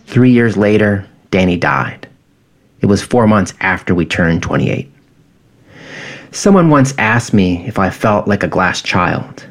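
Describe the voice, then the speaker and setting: A man in his thirties reading his own personal essay in a quiet, measured, reflective way. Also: low-pitched, lively intonation.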